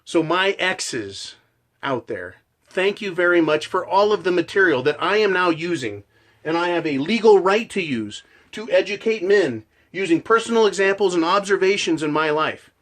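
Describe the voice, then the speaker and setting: A man's voice: high-pitched, animated, normal speed, a bit bright. A man delivering a passionate, profane ranting monologue as a channel host.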